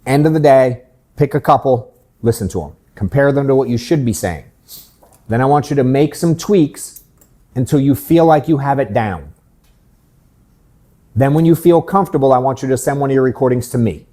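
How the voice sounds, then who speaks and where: A man's voice: medium pitch, expressive, normal speed, pauses often, mellow. A man in his thirties, a sales coach hosting a workshop in his office, talking bluntly and candidly and swearing casually.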